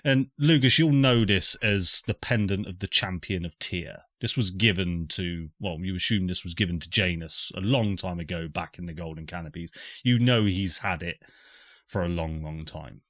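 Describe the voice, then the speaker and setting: A man's voice: sits low, normal speed, fairly bright tone, no echo, studio quality. Man narrating as game master. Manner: rambling descriptions with fillers.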